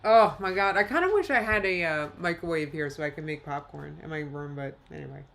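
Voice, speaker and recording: A woman's voice: sits low, fairly quick, gravelly, a bit bright. A woman hosting a casual live react stream, chatting loosely, reading viewer comments aloud and laughing often. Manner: chatty, rambling, reads chat comments aloud with frequent laughs. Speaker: host reacting live to videos.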